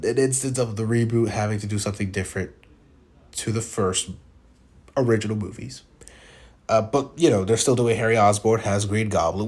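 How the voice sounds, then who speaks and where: A man casually reviewing films, talking in a rambling, opinionated way and often restarting his sentences. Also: lowish voice. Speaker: film reviewer. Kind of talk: casual spoken film commentary.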